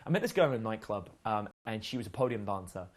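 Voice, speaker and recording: A man's voice: fairly low pitch, lively intonation, fast. A man speaking as a dating coach, telling stories in a blunt, profane way and acting out the lines of the people in them. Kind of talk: casual storytelling monologue.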